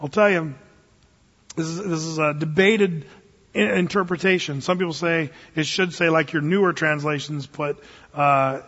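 Here a man gives an expository sermon as a pastor, casual and folksy, switching between plain talk and dramatic scripture passages. His husky voice sits high for a man, a bit bright, steady in tone and moderate in pace. A long reverb from the hall fills the dull, lo-fi recording.

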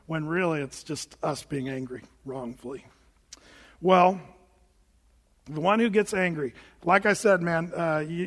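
A man's voice: high-pitched, fairly bright tone, in a large hall. A male pastor preaching a sermon from the front of a church, conversational and prone to restarting his phrases.

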